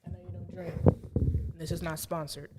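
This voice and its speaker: A woman's voice: on the low side, little pitch movement, moderate pace, heavy background noise. A woman co-hosting a casual podcast, blunt and playful, laughing often as she talks. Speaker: podcast co-host. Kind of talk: casual chat.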